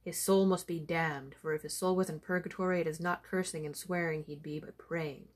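A woman voicing a stern, dismissive village doctor who speaks gruffly. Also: low-pitched, steady tone, brisk. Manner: gruff, scolding.

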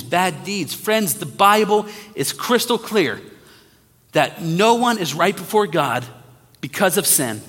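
A man preaching a sermon as an online minister, earnest and emphatic, slowing down to repeat key phrases. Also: fairly high pitch, fairly bright tone, in a large hall.

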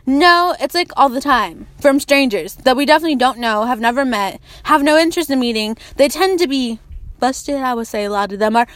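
High-voiced profane young woman podcaster. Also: animated, brisk, no echo. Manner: blunt, profane, laughing often. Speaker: podcast host. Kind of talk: casual podcast chat.

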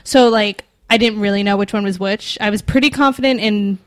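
A woman's voice: mid-range voice, fairly quick. A young adult woman co-hosting a podcast in casual chat, rambling with lots of filler words. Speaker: podcast co-host.

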